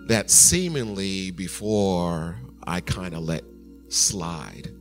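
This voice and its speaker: A pastor preaching a sermon and telling a story, animated, with sudden soft, quiet asides. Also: male voice, deep voice, slow, faint music behind.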